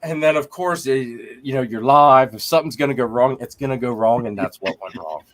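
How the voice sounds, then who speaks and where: Animated joking man hosting a live show. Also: medium pitch, normal speed. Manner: animated, joking, lots of laughter. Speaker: podcast host. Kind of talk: casual live-stream chat.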